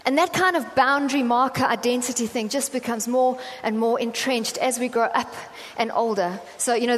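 A woman's voice: fairly high pitch, normal speed, hardly any pauses. A woman preacher with a South African accent, giving a conversational sermon and telling stories with acted-out voices. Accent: South African English. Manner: chatty storytelling, acting out quoted voices. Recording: reverberant hall with faint ambient noise.

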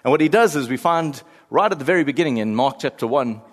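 A man's voice: medium pitch, fast. A male preacher delivering a sermon in a large church hall. He tells stories with energy and acts out the people he quotes. His mid-range voice rings with a long hall echo. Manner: animated storyteller, acts out quoted voices with laughs.

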